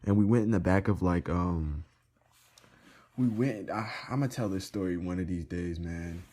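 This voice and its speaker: A man's voice: low voice, normal speed, dark tone. A young man casually telling a rambling storytime to his viewers, full of slang and filler words. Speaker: vlogger.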